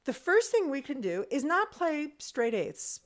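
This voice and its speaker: Woman music teacher, slow and unhurried, sings rhythms aloud, thoughtful pauses. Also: high voice, very animated. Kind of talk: online music lesson.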